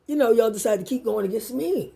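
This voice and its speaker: A woman's voice: a little high, fast talker, vocal fry, dark tone, breathy edge. A woman in an angry, profane, direct-to-camera rant, taunting and confronting the listener. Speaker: vlogger.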